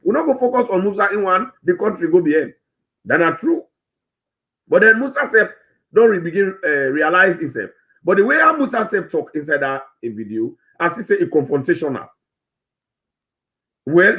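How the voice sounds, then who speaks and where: A man's voice: on the high side, fairly bright tone. A man with a Sierra Leonean Krio-English accent, rambling through an opinion commentary with many restarts. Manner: rambling, searching, frequent restarts. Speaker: host of a political commentary channel.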